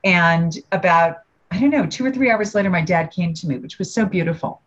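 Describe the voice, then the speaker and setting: Woman guest, low-pitched, lively storyteller who acts out the voices; muffled lo-fi recording. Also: fairly quick. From United States. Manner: animated, acts out the voices in her stories. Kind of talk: personal storytelling in conversation. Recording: dull lo-fi sound.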